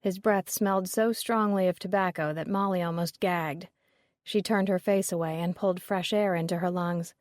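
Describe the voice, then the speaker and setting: A woman narrating a mystery audiobook in a steady, even, descriptive way. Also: on the low side, normal speed, no echo, studio quality.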